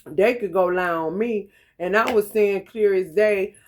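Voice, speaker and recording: Woman tarot reader, loose profane delivery, animated, laughs often, mid-pitched voice, talks straight to camera. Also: a little slow, slight background noise. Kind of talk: casual profane tarot reading monologue.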